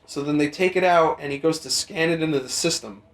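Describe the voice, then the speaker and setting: A man's voice: on the high side, brisk. A young man with a slightly raised voice tells a long, rambling story, cursing freely and acting out the people in it. The room gives his voice a noticeable echo. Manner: rambling, profane, animated in quoted voices. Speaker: podcast host. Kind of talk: casual storytelling chat. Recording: roomy echo.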